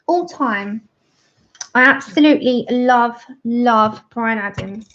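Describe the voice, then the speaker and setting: Colouring on a livestream with her viewers, this thirty-something host giggles, chats easily and reads their comments aloud. She speaks slowly, with a fairly high, somewhat bright voice. The livestream sound is lo-fi and dull.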